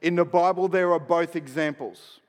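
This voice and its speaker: A man's voice: on the high side, moderate pace. Preaching man in a reverberant hall. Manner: conversational preaching, drops to soft asides then builds to emphatic declarations. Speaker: pastor. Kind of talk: sermon. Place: church hall.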